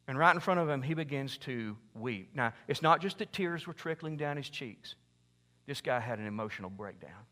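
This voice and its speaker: A male pastor preaching a sermon and telling a story in an animated way, swinging from hushed to loud. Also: medium pitch. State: overheated in a sweatshirt.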